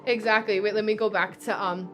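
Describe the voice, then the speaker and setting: A woman's voice: mid-range voice, fairly even intonation, brisk, music in the background. A young woman from New Jersey with a New Jersey accent, hosting a casual astrology livestream and chatting with viewers by name, full of fillers. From New Jersey, USA. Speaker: livestream host, astrology reader. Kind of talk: casual livestream chat reading comments.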